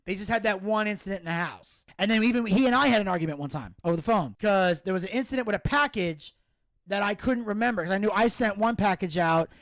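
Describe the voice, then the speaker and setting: A man hosting a podcast, telling stories in a casual, animated way, swearing freely. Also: high-pitched, fast talker, no room sound. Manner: animated storyteller who acts out quoted voices. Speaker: podcast host. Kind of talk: casual storytelling chat.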